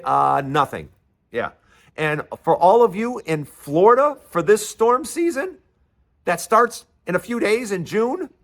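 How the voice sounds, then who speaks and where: This host's voice sits high and a bit bright. On his own show he launches into an angry, sarcastic political rant, sometimes mocking others in put-on voices.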